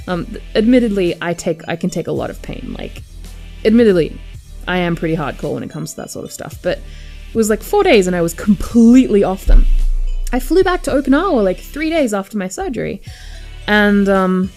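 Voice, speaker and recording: A woman's voice: medium pitch, big pitch swings, brisk, gravelly, darkish tone, faint music behind. A young adult woman telling a personal story to camera, candid and chatty with lots of filler words. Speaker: vlogger.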